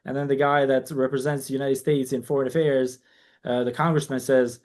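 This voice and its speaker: A man's voice: medium pitch, a little fast. A man who grew up in New York, a guest on a casual podcast interview, telling long stories and quoting people in dialogue. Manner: animated storyteller, quotes people in dialogue, frequent restarts. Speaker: guest, community organization founder.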